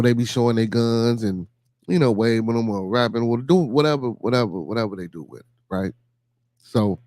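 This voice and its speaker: A man's voice: lowish voice, dry recording. Laid-back Chicago man hosting a podcast. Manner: laid-back, repetitive shout-outs and fillers. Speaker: podcast host. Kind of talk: casual solo podcast chat.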